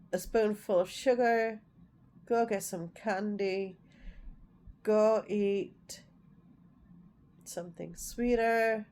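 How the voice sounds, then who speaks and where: A middle-aged woman talks in a loose, rambling vlog chat and circles back over her points. Her voice is mellow and warm, and she sits at an average pitch. A faint hiss of noise runs under the recording. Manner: rambling, repeats herself, chatty. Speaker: vlogger. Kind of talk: casual chat to camera.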